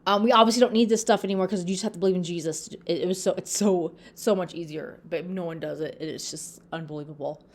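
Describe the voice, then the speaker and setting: Fast and with hardly any pauses, a woman with a voice on the low side earnestly retells Bible stories to camera as a religious video host. She keeps addressing "you guys," repeats herself, restarts and uses fillers a lot, and performs the quotes she recites.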